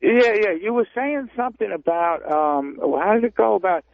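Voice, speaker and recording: A male caller phones into a talk show and halts often, filling pauses with hesitations. His voice is gravelly with a slightly raised pitch. It comes through a thin, tinny phone line. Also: lively intonation. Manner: hesitant, halting, many fillers. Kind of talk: phone-in chat.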